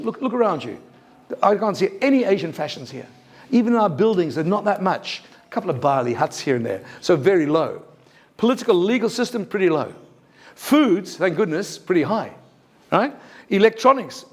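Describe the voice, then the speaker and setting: Male workshop presenter, slightly high voice, emphatic, keeps quizzing the audience. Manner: lively, emphatic, asks the audience questions. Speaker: teacher trainer. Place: university lecture room.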